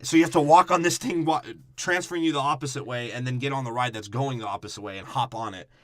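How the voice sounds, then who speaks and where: A man's voice: medium pitch, quick pace. A man co-hosting a podcast, giving a crude, profane movie breakdown and acting out characters in mocking voices. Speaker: podcast co-host.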